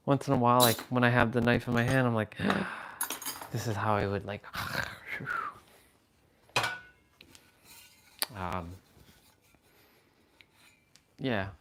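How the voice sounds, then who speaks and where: Guy on a livestream just rambling to chat, playful, regular pitch. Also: heavy background noise. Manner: rambling, playful, chatting with viewers. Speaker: livestream host. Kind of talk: casual live-stream chat.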